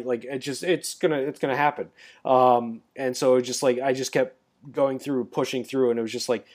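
A podcast co-host chats casually in a medium-pitched, slightly mellow voice with fairly even intonation and a moderate pace. He rambles, using many fillers and frequently restarting what he says.

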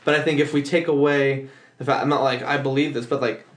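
Halting young man hosting a podcast. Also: medium pitch, level tone, roomy sound. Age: young adult. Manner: halting, full of restarts and self-corrections. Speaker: podcast host. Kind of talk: casual chat.

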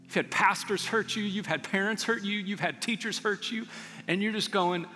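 A man's voice: high voice, moderate pace, sharp tone, big-room sound, soft background music. A man preaching a sermon as pastor, telling stories earnestly and building to emphatic peaks. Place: church sanctuary.

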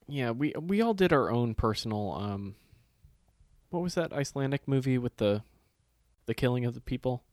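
A man's voice: mid-range voice, moderate pace, pauses often, no room sound, clean studio sound. A man co-hosting a casual chat, telling stories with acted-out quotes and plenty of swearing. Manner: animated storytelling, swears freely, acts out quotes.

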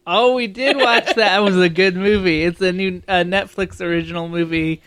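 An enthusiastic man in a casual podcast chat rambles happily. His voice is bright and crisp and sits a little high. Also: steady tone, moderate pace. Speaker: podcast co-host.

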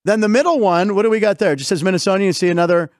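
A middle-aged man hosting a casual comedic sports talk show, rambling through jokes and quick asides. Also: high-pitched, no echo, clean studio sound. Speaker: host.

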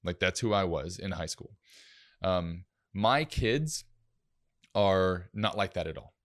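A middle-aged man hosting a casual faith-based parenting podcast, talking in a relaxed, rambling way with many fillers. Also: low-pitched, slow. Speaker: podcast host, youth minister.

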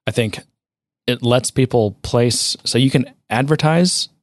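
A man's voice: medium pitch, a little slow, no room sound, clean studio sound. A man co-hosting a casual tech podcast, rambling and sardonic, with many fillers and restarts. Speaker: podcast co-host.

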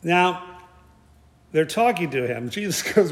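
A man's voice: on the high side, lively intonation, normal speed. A man giving a conversational sermon, with joking asides and frequent restarts. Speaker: preacher. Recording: echoey hall.

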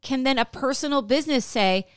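A podcast co-host talks in casual chat, indignant but conversational. Her voice is smooth and clear, a little high. The sound is dry and close. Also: brisk, dry recording.

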